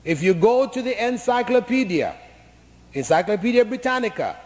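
A man's voice: high voice, sing-song, moderate pace, a little mellow. Emphatic male preacher in a reverberant hall. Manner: emphatic, mocking imitations of chanting. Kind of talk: lecture-style sermon.

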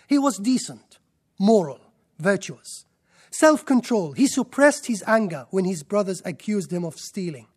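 A male preacher delivering an emphatic sermon, building points through lists and repetition. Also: high-pitched.

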